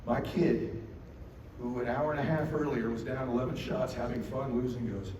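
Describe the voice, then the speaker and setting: A man giving a motivational keynote, telling a story in an animated way, acting out quotes and bursting into shouts. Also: mid-range voice, moderate pace. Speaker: keynote speaker. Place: large event hall. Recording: echoey hall, mic from far off, noisy.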